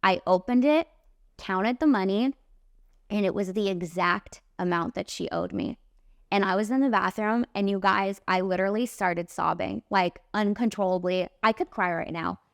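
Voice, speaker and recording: A woman in her late twenties, a podcast host and makeup artist, telling a story in an animated, emphatic way, full of "like" and "literally.". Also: mid-range voice, moderate pace, gravelly, no room sound, clean studio sound. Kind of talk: casual storytelling monologue.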